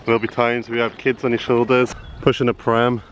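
A man's voice: mid-range voice, completely flat delivery, a little fast, a little hiss or hum. A man in his thirties, a family vlogger chatting casually while walking an outdoor farm trail, encouraging his small son, into a handheld camera.

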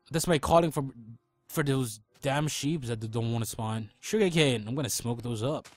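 A young man talks through a survival game in a loose, rambling way, joking and throwing out silly animal noises. His voice sits at an ordinary middle pitch. Faint music plays underneath. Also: moderate pace, no room sound. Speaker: let's play gamer. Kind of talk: casual gameplay commentary.

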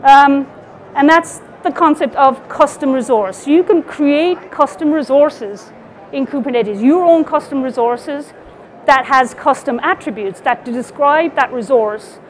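An Irish woman with a high, light voice walks through a technical topic at a conference, talking to her slides. She explains things casually, with fillers and small restarts as she goes. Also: measured pace. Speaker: conference speaker.

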